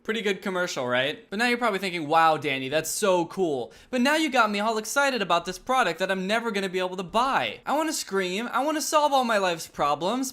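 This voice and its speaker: A young man in his twenties doing sarcastic comedy commentary on his channel, with deadpan mock enthusiasm. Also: sits high. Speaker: comedy YouTuber.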